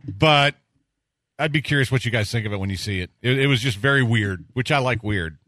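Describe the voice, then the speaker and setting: A man's voice: mid-range voice, brisk, pushed and bright, no room sound, studio quality. A man hosting a sports talk radio show, chatting in an easygoing, hesitant way with many fillers. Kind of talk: casual radio banter.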